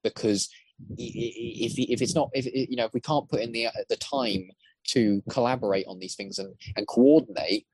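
A man's voice: mid-range voice, fairly quick, a little mellow, slightly rough, no echo. A man chatting as a podcast guest, eager and rambling, often restarting his sentences as ideas tumble out. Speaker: guest, voice actor and prop maker. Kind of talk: casual podcast chat.

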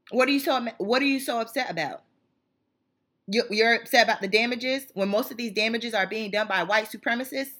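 Woman w/ going off on a fiery rant, kinda high, bit husky. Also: sharp tone. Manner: fiery, emphatic, repetitive. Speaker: channel host. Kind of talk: impassioned monologue.

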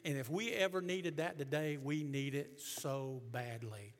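A middle-aged male pastor preaching a sermon, emphatic, surging loud and then dropping low. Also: measured pace. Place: church sanctuary. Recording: long reverb of a church hall.

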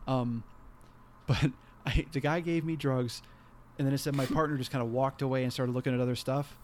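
A man co-hosting a podcast in casual chat, telling rambling, animated stories and laughing often. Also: mid-range voice, moderate pace, a little hiss or hum. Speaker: podcast co-host.

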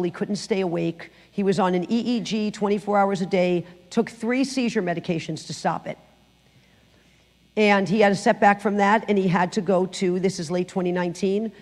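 Animated woman testifying in a reverberant church. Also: medium pitch. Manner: animated storytelling, acting out quotes. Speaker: guest speaker giving testimony. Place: church sanctuary.

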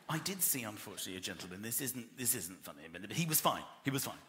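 A man performing a stand-up comedy routine, acting out voices and shouting punchlines. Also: lowish voice, big pitch swings, fast. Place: live comedy venue with audience. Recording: roomy live venue with loud crowd noise. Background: audience laughter.

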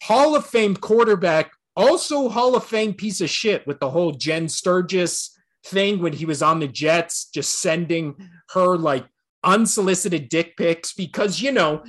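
A man with a high, slightly bright voice co-hosts a casual sports podcast. He rants bluntly, swearing a lot and laughing often.

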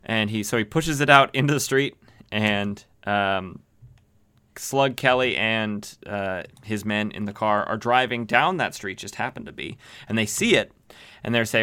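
A man's voice: fairly low pitch, a little slow, bright, forceful tone, clear, resonant tone. A man hosting a podcast, casually recapping an old comic with rambling, joking asides and lots of fillers. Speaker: podcast host.

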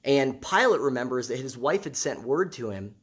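Male preacher, mid-pitched, conversational sermon delivery with emphatic repetition. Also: big pitch swings, normal speed, slightly rough. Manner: conversational, repeats phrases for emphasis.

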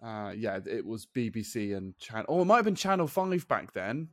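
A man's voice: on the low side, big pitch swings, moderate pace, fairly bright tone, dry recording. A man co-hosting a podcast in casual chat, easygoing, trailing off as he tries to recall names. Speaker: podcast co-host.

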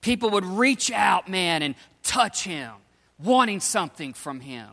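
Man, pastor, sermon, casual slangy storytelling, high voice, long hall reverb. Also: very animated, measured pace, gravelly, sharp tone.

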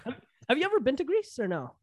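A man's voice: very high-pitched, huge pitch swings, fast talker, no echo, clean studio sound. A young man with a Toronto accent, co-hosting a podcast in slangy, rambling casual chat. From Toronto, Canada. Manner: slangy, rambling, full of fillers. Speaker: podcast co-host.

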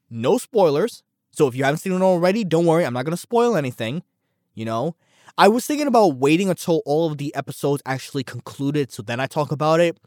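On his casual solo podcast, a young man rambles in a fairly high, expressive voice with a darkish tone, going a little fast. He repeats words, jokes at his own expense, and sounds slightly out of breath, all in clean studio sound with no echo.

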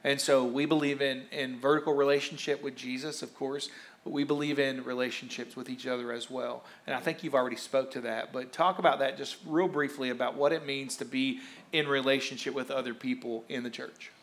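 A man's voice: mid-range voice, fairly even intonation, fairly quick, a bit bright. A man, a pastor, interviewing church members and preaching on a church stage in a conversational, encouraging way. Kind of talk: sermon and interview of congregants.

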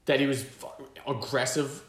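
A young man co-hosting a casual comedy podcast, a lively storyteller who does loud impressions. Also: mid-range voice, normal speed, echoey room. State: hoarse from a lost voice. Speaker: podcast co-host.

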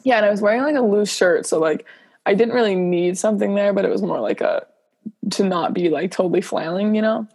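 A young woman with a slightly husky voice tells a story on a podcast. She chats loosely, giggles often and fills her talk with "like" and "you know". She acts out quotes along the way. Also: medium pitch, a little fast, darkish tone. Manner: chatty, giggly, full of fillers and acted-out quotes. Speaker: podcast co-host. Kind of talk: casual storytelling chat.

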